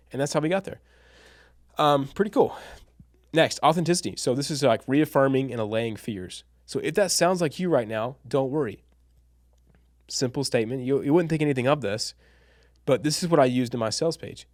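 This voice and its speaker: A man's voice: medium pitch, fairly quick, darkish tone, dry recording, studio quality. A young man teaching a casual online copywriting lesson, chatty and slangy, calling listeners bro and dude and laughing at his own examples.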